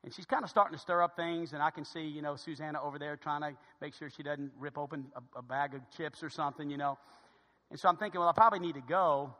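Bright-voiced pastor in a big echoing hall. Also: male voice, on the high side, steady tone, fast. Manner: repeats words, conversational, grows hushed when serious. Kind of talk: storytelling sermon.

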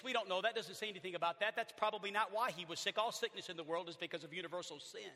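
A male pastor with a Southern accent preaching a sermon in a church, animated, swinging from loud to hushed. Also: sits high, fast talker. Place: church sanctuary. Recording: long church reverb.

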